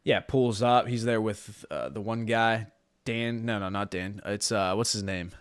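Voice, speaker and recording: Brash podcast co-host, fired-up and profane, slightly low voice, dry booth sound. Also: male voice, measured pace, smooth, no echo. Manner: brash, swears freely, hypes himself up. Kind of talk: casual podcast chat.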